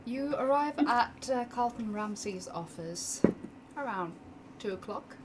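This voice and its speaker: Slow-talking woman game master. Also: fairly high pitch, animated. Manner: unhurried, full of fillers, laughs often. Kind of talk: narrating a tabletop game. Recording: noisy background hiss.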